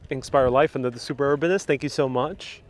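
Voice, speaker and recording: A man's voice: medium pitch, fairly quick. A Spanish-speaking man hosting a live tour stream outdoors, chatting casually, laughing often and reading viewer comments aloud. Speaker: travel vlogger, live-stream host. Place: outdoors at a hilltop historic site. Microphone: phone on a gimbal with a wireless mic.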